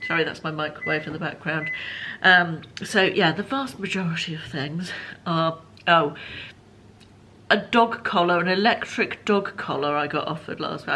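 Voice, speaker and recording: A woman's voice: deep voice, moderate pace, bright, forceful tone, slight background noise. A woman in her fifties from England, chatting to camera in a casual home vlog with frequent ums and asides. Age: 50s. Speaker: vlogger.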